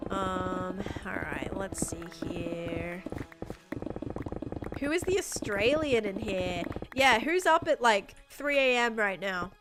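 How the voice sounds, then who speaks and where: A woman's voice: mid-range voice, lively intonation, slow. A woman from the United States, chatting casually with her chat in a bubbly, gushing way while she plays a game on a live stream. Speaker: livestreamer. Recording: game music behind voice.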